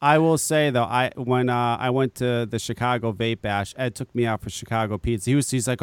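A man chatting casually on a podcast, animated and profane, telling stories with many restarts. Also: medium pitch, fairly quick, clean tone, no echo. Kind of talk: casual chat.

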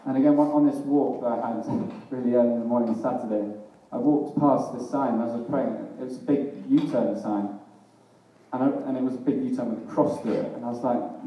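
A man's voice: medium pitch, a little fast, highs cut off, slight background noise. A man preaching a sermon in a casual, self-deprecating way, often laughing at himself. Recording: echoey hall, mic at a distance.

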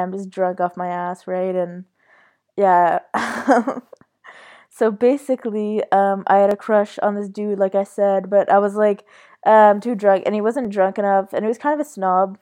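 A young woman talking loosely and at length. Her pitch sits in the middle, and she rambles through her story with lots of fillers and casual swearing. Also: a little mellow. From Canada. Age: young adult. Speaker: podcast host.

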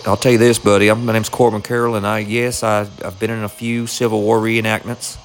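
Brief: halting, earnest young ballplayer, as a man mocks him, gravelly low tone. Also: little pitch movement, natural voice.

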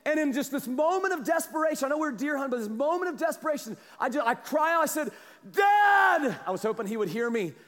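A man preaching a sermon as a pastor, telling a story with animated energy and a slight cough. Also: very high voice, fast talker, hardly any pauses, big-room sound. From Kansas, US. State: has a cough.

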